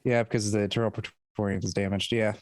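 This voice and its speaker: A man's voice: on the low side, level tone, fast, no echo. A man playing a tabletop role-playing game, speaking hesitantly with trailing sentences. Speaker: player. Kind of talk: casual banter at a game table.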